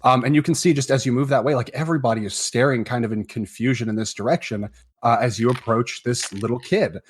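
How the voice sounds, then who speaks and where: A man narrating as game master in a tabletop game, at a middling pitch. He talks in a relaxed, meandering way, full of fillers and hedges. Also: quick pace, a little hiss or hum.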